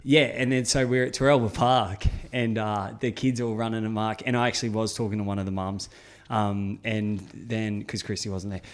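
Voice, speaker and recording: A man's voice: lowish voice, steady tone, normal speed, hardly any pauses. Aussie guy in his 30s on a podcast, swearing a lot, laughing thru a story. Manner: swears freely, laughs through his stories. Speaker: podcast co-host. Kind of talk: casual chat, storytelling.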